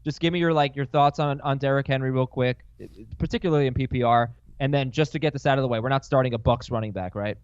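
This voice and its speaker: Crisp-voiced man hosting a sports chat. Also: mid-range voice, fairly even intonation, no room sound, highs cut off. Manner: quick, questioning, steering the panel. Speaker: show host. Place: studio.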